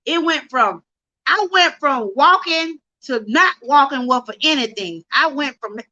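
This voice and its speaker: Woman, middle-aged, high bright voice, emotional and near tears, fervent livestream testimony. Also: expressive, a little slow, dull audio. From Georgia, USA. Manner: fervent, preacher-like, addresses viewers as y'all. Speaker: livestream host.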